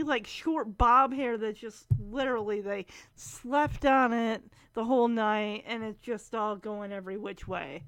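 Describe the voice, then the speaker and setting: A woman's voice: on the high side, dry recording, clean studio sound. A woman giving a casual, giggly recap of a sitcom episode, animatedly acting out the lines. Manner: giggly, animated retelling with voices. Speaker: vlogger.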